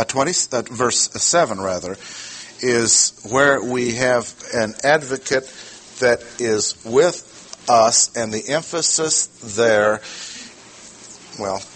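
A man teaching a sermon verse by verse, slow and deliberate, repeating his key words. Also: medium pitch, a bit bright, a little hiss or hum. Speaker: preacher. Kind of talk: expository Bible teaching.

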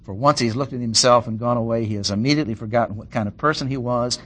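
A man's voice: mid-range voice, fast, a bit bright. A man preaching an expository sermon, reading Bible verses and stressing points methodically. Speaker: pastor.

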